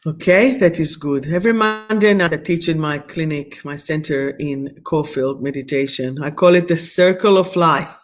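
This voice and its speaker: With a deep voice, normal speed and hardly any pauses, a middle-aged woman from Israel guest-hosts a live stream. She guides a meditation and reads oracle cards, sounding soothing and affirming with slightly phrasing.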